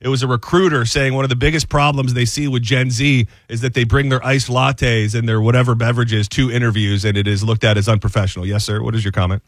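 Quick-talking guy hosting a radio show, rambly storyteller, dry studio sound. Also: mid-range voice, no echo. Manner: fast, rambling, animated storytelling. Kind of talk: casual talk radio banter. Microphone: studio mic.

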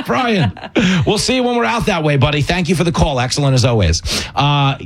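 A man's voice: on the high side, no echo. A man hosting a talk radio show, chatting loosely and cracking jokes with his guests and callers. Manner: loose, joking, talks over guests. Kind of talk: casual radio chat.

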